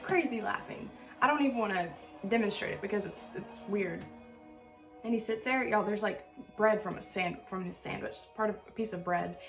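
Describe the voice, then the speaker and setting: A young woman telling stories in a casual vlog Q&A, chatty and animated, with lots of fillers. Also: medium pitch. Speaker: vlogger. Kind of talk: casual storytelling Q&A.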